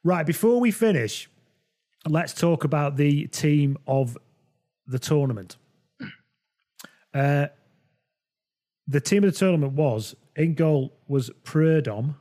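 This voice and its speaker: Guy rambling about old football games on a podcast, warm dark voice, keeps restarting sentences. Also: fairly high pitch, slow, long pauses. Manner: relaxed, rambling, self-correcting. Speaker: podcast host. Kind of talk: casual football chat.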